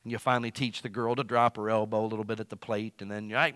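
A man preaching a sermon who calls himself loud. He swings from loud emphatic lines to quiet asides. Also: fairly low pitch, little pitch movement, quick pace, hardly any pauses, clean tone, no echo. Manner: self-described as loud. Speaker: pastor.

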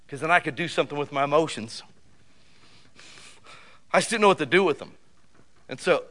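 A middle-aged man preaching a sermon, animated, with loud bursts and sudden drops to quiet. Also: medium pitch, brisk, long pauses. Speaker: pastor.

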